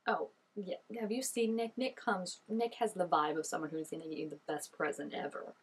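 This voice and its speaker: A woman's voice: lowish voice, steady tone, brisk, husky. A young woman giving casual reaction commentary, chatty and gushing with lots of "like" fillers. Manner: chatty and gushing, many "like" fillers, laughs often. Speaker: reaction video host.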